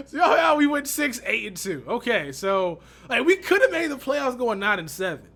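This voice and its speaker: A man's voice: very high voice, big pitch swings, normal speed, a bit bright. A young man from Texas giving casual, slangy commentary on a sports video game, exasperated and laughing often. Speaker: gaming YouTuber.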